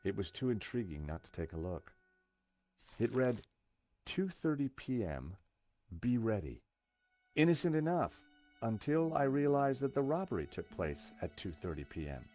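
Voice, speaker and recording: A man's voice: medium pitch, sing-song, normal speed, mellow, faint music behind, natural voice. A man voicing a wry game hero narrating. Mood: dry. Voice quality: dry, wry. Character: wry male hero narrating his adventure.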